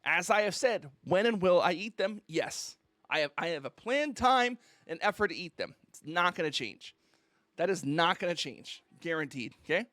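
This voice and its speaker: A man's voice: high voice, big pitch swings, normal speed, sharp tone, no room sound. A man streamer ranting on a casual livestream, mock-indignant and theatrical, who keeps asking "okay?".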